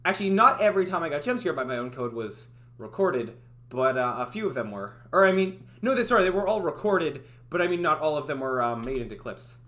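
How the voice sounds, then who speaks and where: A woman with a low-sitting, slightly bright voice talks briskly and with lots of animation. She's a streamer and indie game developer chatting casually on a livestream, giggling, rambling, and restarting her sentences.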